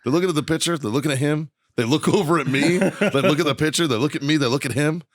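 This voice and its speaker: A man's voice: on the high side, fast, no room sound, clean studio sound. A man hosting a podcast, telling a story in casual chat, swearing constantly and laughing often. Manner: lively anecdote teller, often breaking into laughter. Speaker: podcast host.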